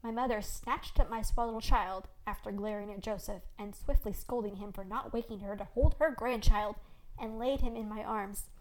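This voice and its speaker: A woman podcast host reading her own first-person story aloud as scripted narration, with expressive storytelling. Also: medium pitch, normal speed.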